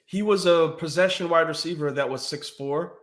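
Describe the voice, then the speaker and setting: A man co-hosting a casual sports podcast, telling stories with lots of energy, acting out quotes and laughing as he goes. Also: normal speed. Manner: animated storytelling, acts out quotes in a high voice, laughs often. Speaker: podcast co-host.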